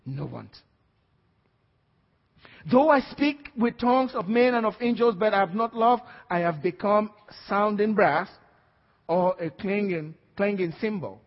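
A man preaching a sermon with passion, building up to shouts as he reads scripture. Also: sits high, slightly rough, long reverb tail, lo-fi sound. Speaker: pastor.

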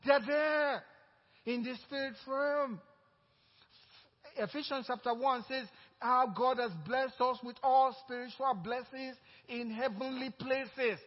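A male pastor preaching a sermon, lively and chuckling between points, slowing to stress scripture quotes. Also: very high voice. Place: church sanctuary. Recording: reverberant hall, dull lo-fi sound.

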